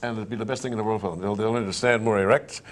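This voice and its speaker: This interview guest, a man who performs on stage, talks rapid-fire in a fairly low voice. Animated as he tells his stories, he also leads the listener through vocal and breathing exercises, performing them out loud.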